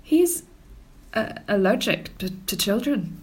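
A woman's voice: medium pitch, very animated, takes it slowly, slightly rough, exaggerated voice. A woman voicing an elderly, fussy, doting Scottish lady in a comedy audio drama, with a Scottish accent. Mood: soothing. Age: older.

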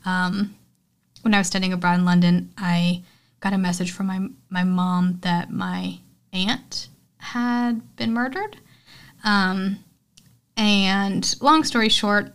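A young woman hosts a casual podcast recapping films, speaking at a medium pitch in a smooth, heartfelt tone. She's chatty and candid, filling her sentences with "um" and "like."

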